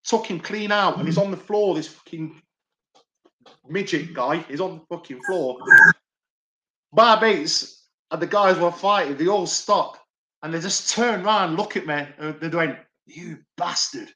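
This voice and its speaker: A man's voice: a little high, a little slow, pushed and bright. A middle-aged man, a former doorman, telling stories to a podcast host in a rambling, repetitive way and swearing often. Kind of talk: casual storytelling.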